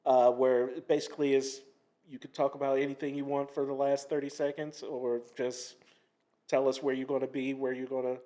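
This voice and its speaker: A man's voice: medium pitch, level tone, a little fast, dark tone. A man hosting a podcast, easygoing and a little hesitant, leading the segments with plenty of filler. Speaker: podcast host. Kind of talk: casual podcast chat.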